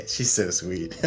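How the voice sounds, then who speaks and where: Gentle man reading for a livestream. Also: lowish voice. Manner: gentle, reassuring, talks straight to viewers. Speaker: psychic medium. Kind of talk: livestream psychic reading, chatting with viewers. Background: background music.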